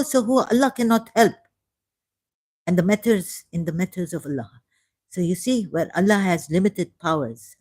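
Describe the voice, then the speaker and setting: A woman giving casual, sarcastic commentary while reading aloud from a screen. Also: lowish voice. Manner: sarcastic, mocking. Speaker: video creator.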